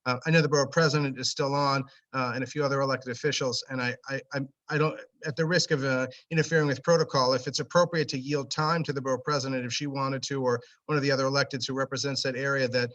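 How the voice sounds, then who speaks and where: A man giving public comment at a virtual meeting, earnest and halting with many restarts. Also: medium pitch, steady tone, a bit bright, recorded from a distance, dull audio. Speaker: meeting participant.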